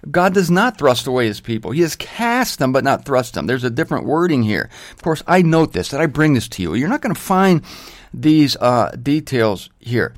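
A man's voice: medium pitch, no echo. Folksy male Bible teacher, dry close sound. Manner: folksy, self-deprecating asides and jokes. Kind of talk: informal Bible study sermon.

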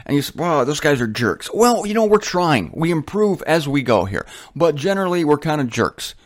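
A man's voice: fairly high pitch, lively intonation, a little fast. A man preaching a sermon in a blunt, colloquial and emphatic way.

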